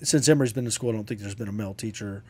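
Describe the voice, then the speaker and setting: A man's voice: on the low side, rapid-fire, a little mellow, husky. A man co-hosting a casual talk show, arguing his point with animation and casual swearing. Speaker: podcast co-host and father. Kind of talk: casual chat.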